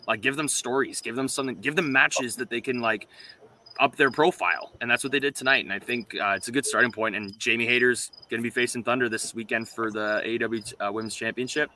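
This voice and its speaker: Casting: sharp-toned male cohost, loose and rambling, faint hiss and crickets behind. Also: medium pitch, fairly even intonation, fast talker. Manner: rambling, many fillers and restarts. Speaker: podcast cohost. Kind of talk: casual chat.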